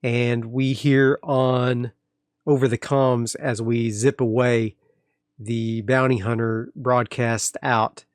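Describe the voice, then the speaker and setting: A man's voice: mid-range voice, little pitch movement, slow pace, clear, resonant tone, dry recording, studio quality. A man narrating his own solo tabletop game in a casual, loose way with fillers. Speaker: solo game master and player.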